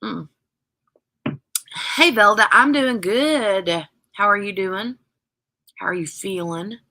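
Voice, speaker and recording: A woman's voice: mid-range voice, slow, bright, forceful tone. A woman hosting a craft live stream, chatting casually with viewers in a rambling way full of "like" and "um".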